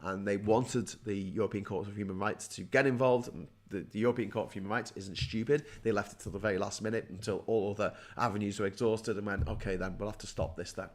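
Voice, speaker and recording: A man's voice: on the low side, steady tone, fast, hardly any pauses. A man in his forties hosting a ranting political commentary, angry and sarcastic, who swears a lot and often stumbles over repeated words. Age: 40s. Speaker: host.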